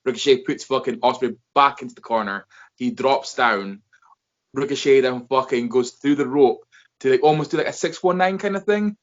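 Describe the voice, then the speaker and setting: A wrestling podcast host with a medium-pitched voice talks at a moderate pace during a casual chat. He's animated, rambling, and profane, swearing as he goes, and the recording has a dull lo-fi sound.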